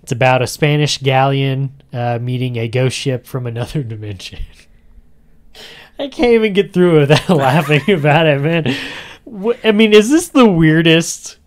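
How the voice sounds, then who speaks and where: A man's voice: a little high, lively intonation, moderate pace. Chatty man hosting a podcast. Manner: chatty and rambling, often laughing. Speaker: podcast host. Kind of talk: casual chat.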